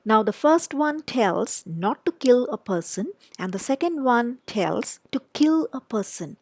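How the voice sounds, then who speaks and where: A woman's voice: fairly high pitch, lively intonation, unhurried, no room sound. A woman with an Indian English accent, lecturing patiently and reading example sentences aloud with emphasis. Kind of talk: explaining examples in a recorded lecture.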